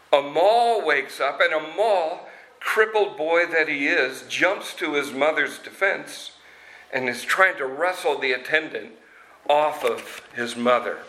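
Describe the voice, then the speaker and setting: Man, storyteller, slow, dramatic, bright voice. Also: fairly high pitch, poor audio. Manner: slow and dramatic, acting out the parts. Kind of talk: expressive story retelling.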